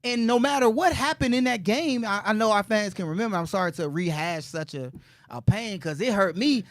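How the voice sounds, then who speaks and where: A man's voice: sits high, a little fast, no echo, studio quality. A man co-hosting a casual live show, talking in a laid-back, joking way as a fan, with a Northeast Ohio accent. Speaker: co-host.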